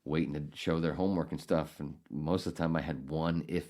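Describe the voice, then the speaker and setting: A middle-aged man hosting a podcast, telling a story in a casual, profane, animated way with bursts of outrage. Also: very deep voice, a little fast. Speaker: podcast host.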